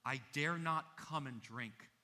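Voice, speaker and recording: A man's voice: a little high, takes it slowly, pushed and bright, heavily acted. A man reading as a timid, thirsty little girl. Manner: hesitant and pleading. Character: frightened, thirsty little girl, polite and hesitant.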